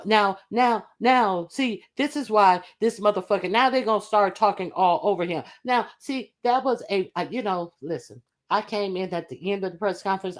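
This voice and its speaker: A woman giving casual reaction commentary on a clip, profane and sarcastic. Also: mid-range voice.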